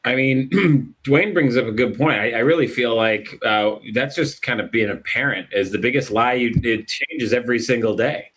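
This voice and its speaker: A man's voice: medium pitch, moderate pace, fairly bright tone, slightly rough, poor audio. A man chatting on a podcast, recounting everyday parenting stories in a dry, matter-of-fact way. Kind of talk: casual podcast chat.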